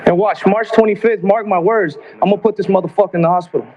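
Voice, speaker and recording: A man's voice: high voice, fairly even intonation, fast talker, a loud crowd. A boxer trading profane, taunting trash talk at a press conference, heckling his opponent. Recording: dull lo-fi broadcast audio.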